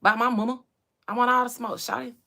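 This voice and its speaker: A woman putting on the voice of a swaggering young man who taunts loudly and keeps calling people shawty. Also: fairly high pitch, flat delivery, fast, creaky. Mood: boastful. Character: brash young Atlanta man, taunting and boastful.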